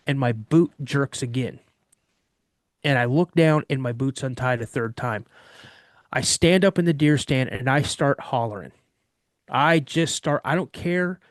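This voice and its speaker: A man casually recounting a story from his childhood in first person, animated and vivid, often restarting mid-sentence. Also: on the high side, no room sound, clean studio sound. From Washington state. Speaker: guest telling an encounter story.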